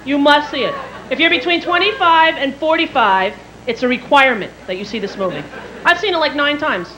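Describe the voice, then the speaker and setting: A woman in her thirties, a stand-up comedian telling quick, animated stories with jingles and shrill impressions on a theater stage. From New York area. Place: theater stage before a live audience. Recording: live stage mic with loud audience and hall noise.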